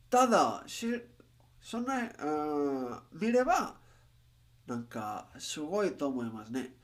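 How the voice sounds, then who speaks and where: A livestreamer whose first language is not English chats loosely, thinking out loud. The voice sits at a middling pitch and swings through a wide, animated range. The speech is full of restarts, and it becomes especially halting, with many fillers, once the speaker switches to Japanese. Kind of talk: casual livestream chat.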